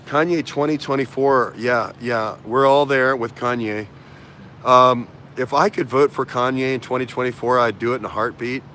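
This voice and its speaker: A man's voice: medium pitch, steady tone, moderate pace, pushed and bright, slight background noise. A man hosting a casual political talk show, rambling with many fillers, restarts and repetitions. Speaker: host.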